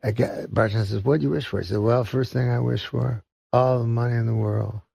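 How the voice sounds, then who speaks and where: Gravelly deadpan man, halting long setups. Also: mid-range voice, dry recording. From Canada. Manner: long halting setups, many "uh" and "you know". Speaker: comedian telling jokes. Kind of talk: rambling deadpan joke-telling. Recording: dull lo-fi sound.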